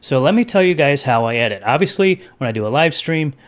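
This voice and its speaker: A man's voice: fairly high pitch, animated, quick pace. A man hosting a casual livestream over his webcam, rambling between topics and greeting chat viewers by name. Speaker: livestream host.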